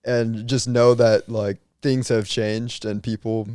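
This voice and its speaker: A man's voice: mid-range voice, flat delivery, slow pace, darkish tone, clean tone, no echo, clean studio sound. A young man co-hosting a podcast in casual chat, easygoing and reflective, laughing often. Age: young adult. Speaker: podcast co-host.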